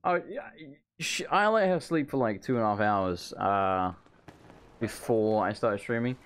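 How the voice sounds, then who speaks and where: A man's voice: fairly low pitch, expressive, fairly bright tone, smooth. A man streaming live gameplay commentary, rambling and chatting with viewers while feeling overheated at home. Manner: rambling, chatty, quick asides to chat. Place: home room.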